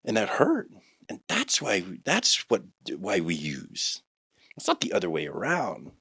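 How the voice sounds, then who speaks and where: A man in his forties telling his life testimony on a podcast, rambling with many restarts and turning animated when he quotes others. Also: low-pitched, unhurried, breathy edge, dry recording, clean studio sound. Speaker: guest sharing a testimony.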